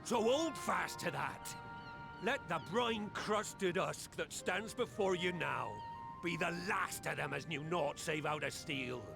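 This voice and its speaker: An actor playing a gruff, proud old pirate captain in a game cutscene, speaking in a rough pirate brogue. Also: male voice, on the high side, unhurried. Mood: rousing. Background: game music.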